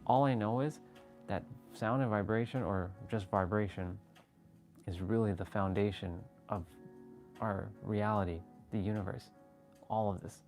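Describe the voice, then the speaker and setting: A man hosting a casual livestream, talking excitably with rambling restarts and sudden jumps in voice as he relives moments, swearing freely. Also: on the low side, a little slow. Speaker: livestream host. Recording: faint background music.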